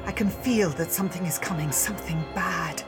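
A woman's voice: on the low side, brisk, close to an everyday voice. An actress playing a fierce female warrior in an audio drama trailer, urgent and intense, over dramatic music. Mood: grave.

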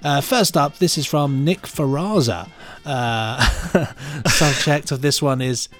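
A man's voice: medium pitch, slow pace, fairly bright tone, soft background music. A man co-hosting a podcast, reading promos and emails in a playful, theatrical way. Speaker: podcast co-host. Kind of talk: casual chat, podcast promos.

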